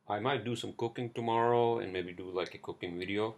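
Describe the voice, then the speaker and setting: A man with a very deep, gravelly voice hosts a loose solo podcast. He rambles casually, swears freely and fills his talk with "like" and "uh". He records at home through a cheap headset mic. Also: fairly even intonation, a little fast, hardly any pauses. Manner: rambling, profane, many fillers. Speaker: podcast host. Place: indoors at home, street traffic outside. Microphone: cheap headphones.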